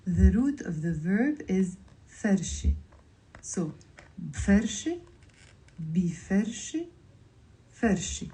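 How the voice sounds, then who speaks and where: A woman teaches Lebanese Arabic vocabulary live, with a Lebanese accent. Her voice is very dark and mellow, and she sits at a middle pitch. She says each word slowly, breaks it into syllables, and repeats it. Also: sing-song, poor audio. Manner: slow, careful word-by-word pronunciation drills. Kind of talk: vocabulary lesson on a livestream.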